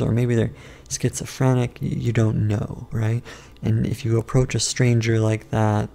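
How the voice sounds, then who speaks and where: A man casually rambling through a food review and a story from his day, unhurried and often correcting himself. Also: medium pitch, creaky, dark tone. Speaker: vlogger.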